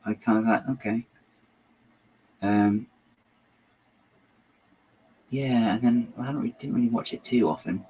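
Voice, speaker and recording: Rambling low-voiced man chatting while building. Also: slight background noise, rough recording. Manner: rambling, self-interrupting, muttering to himself. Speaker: LEGO building channel host. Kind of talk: casual chat while building.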